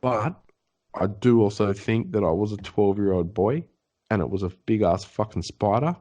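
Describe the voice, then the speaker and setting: This podcast co-host has a lowish voice at a moderate pace, captured on a muffled recording. He's animated as he chats casually, cursing frequently while he performs the voices of the characters in his story.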